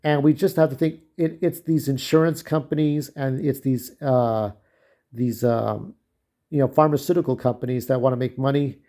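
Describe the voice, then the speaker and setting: A man's voice: medium pitch, fairly even intonation, normal speed, mellow. A young man delivering an angry, profane personal rant to camera, often repeating himself and restarting sentences. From United States. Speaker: vlogger.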